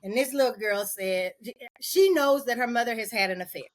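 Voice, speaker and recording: A woman as a podcast guest in candid conversation, animated, laughing often and acting out the voices of people she quotes. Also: fairly high pitch, normal speed.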